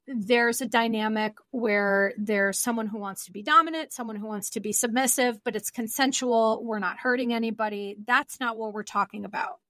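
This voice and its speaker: A woman's voice: fairly high pitch, a bit bright, no room sound. A woman hosting her podcast solo, talking in a chatty, informal way and laughing often. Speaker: podcast host.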